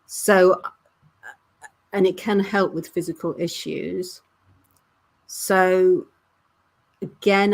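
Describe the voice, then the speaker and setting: A woman, a weight-loss coach calmly explaining her methods as a guest. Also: lowish voice. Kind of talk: interview answers.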